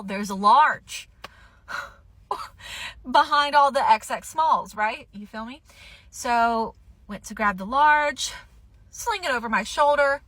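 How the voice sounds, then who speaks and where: A woman's voice: fairly high pitch, sharp tone, dry recording. A woman telling a self-mocking shopping story in a casual vlog, giggling along the way.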